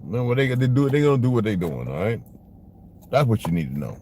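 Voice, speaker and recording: A man's voice: mid-range voice, sing-song, a little fast, darkish tone. A man vlogging from his car, talking in a blunt, profane, rambling way in a casual monologue. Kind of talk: casual monologue while driving. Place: inside a car. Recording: noisy car interior.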